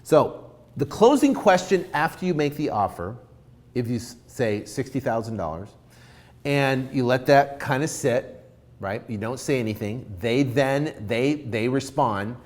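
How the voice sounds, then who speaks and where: A man's voice: mid-range voice, unhurried. A man giving informal coaching on real estate deals, acting out both sides of a negotiation. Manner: animated, acts out both sides of a deal.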